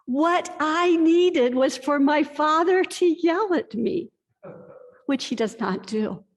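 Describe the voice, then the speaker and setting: A woman pastor giving a sermon, telling a personal story with earnest, confessional warmth. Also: high-pitched, lively intonation, takes it slowly. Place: church sanctuary. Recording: long reverb of a church hall.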